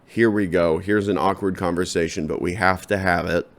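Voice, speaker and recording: A man hosting his own comedy podcast, rambling through a deadpan monologue and talking straight to his listeners. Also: deep voice, moderate pace.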